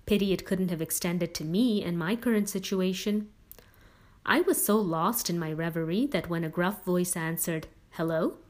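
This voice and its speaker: A woman reading an audiobook in the first person in a steady, measured way. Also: lowish voice. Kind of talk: audiobook narration.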